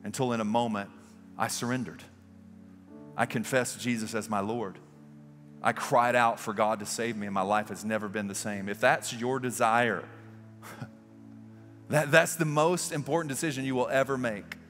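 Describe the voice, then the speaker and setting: A man's voice: mid-range voice, fairly even intonation, normal speed, long pauses, fairly bright tone. Male pastor, mid-range voice, earnest altar call, long hall reverb, faint music under. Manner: earnest, pleading, rising to fervent prayer. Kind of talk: sermon altar call and prayer. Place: large church sanctuary with balcony.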